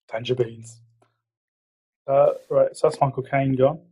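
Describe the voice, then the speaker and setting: A man's voice: mellow, breathy edge. A man hosting a casual podcast chat, rambling, giggling and swearing, slipping into mock impressions. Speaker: podcast host. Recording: low-quality audio.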